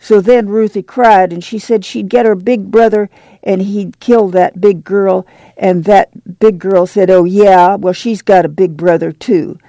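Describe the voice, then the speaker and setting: A woman reader voices an excited little farm boy who tumbles breathlessly through his story in a higher rural drawl. Her tone is mellow and slightly gravelly, and the measured reading is heard dry and close, with no echo.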